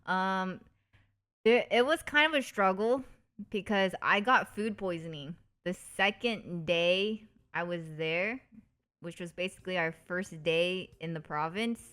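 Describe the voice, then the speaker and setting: A woman's voice: measured pace, clear, resonant tone. A young woman streamer telling a story in a casual, bubbly way, full of fillers and restarts. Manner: animated, putting on high eager voices when quoting people.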